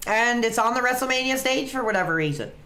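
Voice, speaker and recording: A man's voice: extremely high pitch, expressive, quick pace, pushed and bright. A man chatting casually on a webcam stream, reacting to a wrestling match as he watches along. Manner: laid-back, chatty, reacting to the action.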